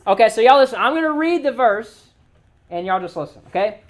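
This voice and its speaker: A man giving an animated, joking sermon to a youth group as youth pastor, often telling the crowd to listen. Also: very high-pitched, brisk. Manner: casual everyday slang.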